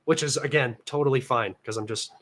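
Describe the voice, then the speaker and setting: A man's voice: mid-range voice, brisk, a bit bright. A young American man hosting a casual livestream from his room, rambling and chatty with lots of fillers, slightly nasal from allergies. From United States. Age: young adult. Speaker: livestream host.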